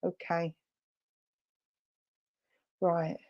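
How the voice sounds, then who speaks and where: A woman's voice: fairly low pitch, completely flat delivery, very slow, lo-fi sound. A woman with a Romford accent working as a spiritualist medium, passing on spirit messages in a chatty, reassuring way during an online service. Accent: Romford, Essex. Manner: chatty, reassuring, with frequent fillers and self-corrections. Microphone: video call.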